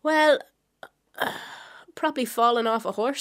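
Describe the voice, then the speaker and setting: A woman's voice: a little high, expressive, moderate pace, fairly bright tone. A young woman, an actress guest, chatting casually with a self-deprecating, laughing manner. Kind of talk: casual interview.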